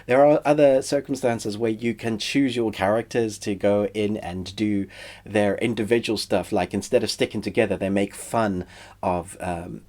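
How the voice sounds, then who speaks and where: A man with a head cold and a stuffy, congested voice, giving a chatty, relaxed spoken review. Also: fairly low pitch, moderate pace. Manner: chatty, relaxed, uses fillers. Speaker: film and TV reviewer.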